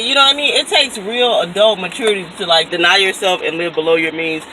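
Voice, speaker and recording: A woman's voice: lowish voice, a little fast. Lady in her 30s vlogging off her phone, chatty and laughing, noisy street and fountain behind her. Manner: chatty, animated, laughs often. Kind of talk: casual vlog chat. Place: outdoors in a city, by a fountain, then in a car. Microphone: phone held at arm's length. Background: street ambience, fountain, traffic.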